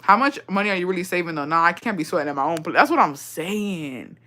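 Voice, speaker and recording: A woman's voice: lowish voice, very fast. A young woman telling a story in casual chat, swearing freely and slipping into phrases. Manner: profane, expressive, mixes in Spanish phrases. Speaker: streamer.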